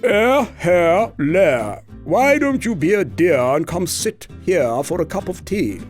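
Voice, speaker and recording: A man's voice: high-pitched, sing-song, faint music behind, voice pushed up, full character voice. A man putting on a prim, posh Englishman. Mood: genteel. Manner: mock posh English accent, deliberately bad. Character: prim Englishman, adult male, tea-offering cliché.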